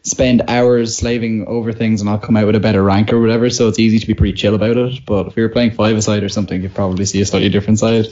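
Young Irish man, low voice, lo-fi call. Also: fast, few pauses. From Ireland. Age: 20s. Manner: relaxed, chatty, laughs easily. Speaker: podcast guest. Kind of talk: casual chat. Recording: dull lo-fi call audio.

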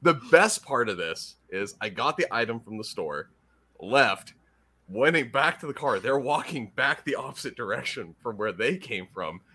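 Lively guy cohost on a podcast call, bright voice, pitch bouncing all over. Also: normal speed. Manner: animated storyteller, laughs often. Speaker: podcast co-host. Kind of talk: casual chat.

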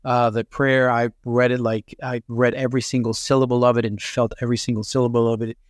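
Talking a little fast with a flat delivery, a man on a podcast tells a personal story in conversation, earnest and reflective, his voice mid-range. Phrases frequently get restarted. The sound is close and dry, free of room echo.

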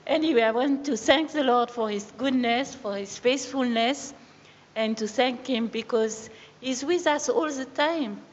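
Older french-accented lady preaching a story, fairly high gravelly voice, muffled churchy echo. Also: measured pace. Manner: earnest storytelling, some hesitation. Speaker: preacher's wife giving testimony. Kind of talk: sermon testimony. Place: church hall. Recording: echoey hall, muffled sound, faint background noise.

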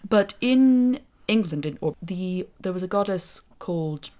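An Irish woman co-hosting a casual chat, explaining mythology in a lively, self-mocking way. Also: on the low side. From Ireland. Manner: lively, quick to laugh at herself. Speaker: podcast co-host.

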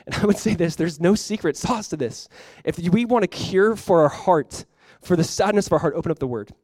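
Male pastor, young, high voice, dry close sound, animated conversational sermon. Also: fairly quick, dry recording. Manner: animated, conversational preaching with frequent "like".

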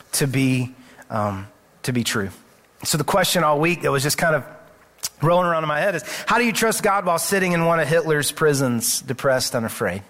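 A man's voice: fairly high pitch, fairly bright tone. A male pastor giving a sermon in a church, speaking in an earnest, conversational way and often restarting his sentences. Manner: earnest, conversational preaching with repeated words and restarts. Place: church sanctuary.

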